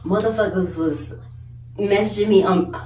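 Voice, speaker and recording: Animated, cussing young woman telling a story. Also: mid-range voice, normal speed. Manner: animated, swearing, laughing, acts out others' voices. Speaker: vlogger. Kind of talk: casual storytime vlog. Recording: echoey room, mic at a distance.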